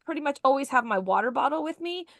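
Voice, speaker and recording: High-voiced chatty woman co-host. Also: fast, no room sound. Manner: chatty, reads out news items, lively. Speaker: morning show co-host. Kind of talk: casual radio-style chat.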